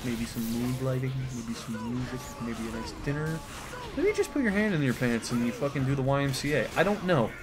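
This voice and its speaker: A man from the United States gives a comedic reading that rambles and turns sarcastic, with plenty of swearing. His pitch jumps around lively, and music plays behind him. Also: a little fast. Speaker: comedy commentator.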